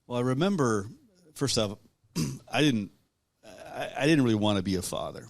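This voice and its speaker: A man being interviewed about his own life, talking in a halting, reflective way with many restarts. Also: mid-range voice, lively intonation, creaky, no room sound. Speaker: guest author. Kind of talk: conversational storytelling.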